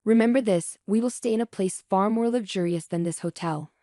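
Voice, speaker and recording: A woman's voice: lowish voice, fairly even intonation, brisk, dark tone, no echo, studio quality, close to an everyday voice. A woman voicing a scheming, domineering older mother-in-law in a story narration, mocking and smug.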